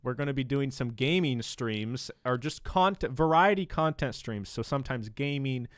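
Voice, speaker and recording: A man's voice: medium pitch, expressive, moderate pace, clear, resonant tone, no echo, clean studio sound. A young man co-hosting a podcast, giving rambling announcements in chatty, giggly casual talk. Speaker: podcast co-host.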